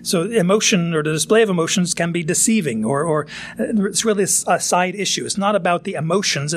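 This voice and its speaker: A man's voice: a little high, slight background noise. A pastor giving a sermon in an earnest, plain-spoken way, now and then acting out the voices he quotes.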